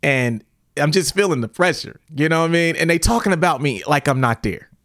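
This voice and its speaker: A man tells a story in a loose, slangy way and laughs often. His voice sits a bit higher than most men's and swings widely in pitch. The recording is dry and close. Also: animated, fairly quick, fairly bright tone, no echo. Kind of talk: casual storytelling.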